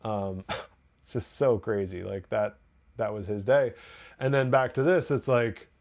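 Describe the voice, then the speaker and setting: A man hosting a TV podcast, giving a casual, excited episode review full of restarts and asides. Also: on the low side, a little slow, vocal fry. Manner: excited, rambling, with frequent restarts.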